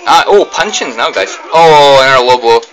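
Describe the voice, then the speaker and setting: A young man giving excitable let's play commentary, blurting reactions and mild swearing as he fights. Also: medium pitch, normal speed, low-quality recording. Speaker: gaming commentator.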